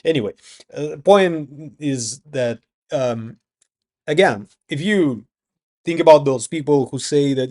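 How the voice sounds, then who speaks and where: A man's voice: on the high side, animated, slow, a little mellow. A young man from Russia with a Russian accent, vlogging in a rambling casual monologue and swearing often.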